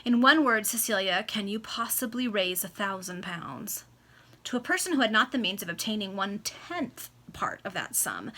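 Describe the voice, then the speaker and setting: Bright-voiced woman reading a novel aloud. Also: mid-range voice. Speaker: reader. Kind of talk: amateur read-aloud of a classic novel. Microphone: home webcam video call.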